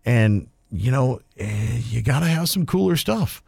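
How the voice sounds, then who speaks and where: A man's voice: mid-range voice, animated, measured pace, vocal fry, a little mellow, slightly rough, no echo, studio quality. A man co-hosting a casual gaming podcast, rambling and swearing freely as he chats. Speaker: podcast co-host.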